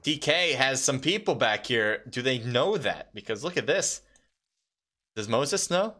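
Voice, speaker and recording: A man doing live esports commentary on a mobile battle royale match, calm and explanatory, with loud excited bursts at big plays. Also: medium pitch, a little slow, a little hiss or hum. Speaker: esports caster.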